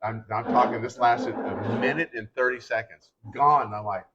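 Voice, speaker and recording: A retired baseball pitcher, now an older man, shares stories from his career in casual chat, animatedly acting out other people's lines in quotes. He talks at a moderate pace over background noise, and the recording has a dull lo-fi sound.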